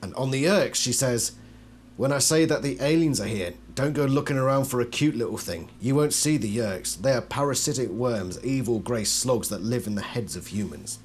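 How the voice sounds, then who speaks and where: A man hosts a casual video, reading card texts aloud in a mid-range voice. He keeps breaking in with wry, doubtful asides that drop into quiet mutters. A faint hum sits under the recording. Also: medium pitch, lively intonation, normal speed. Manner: wry, skeptical asides between read-out passages; laughs and trails off into quiet mutters. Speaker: channel host reviewing collectible cards.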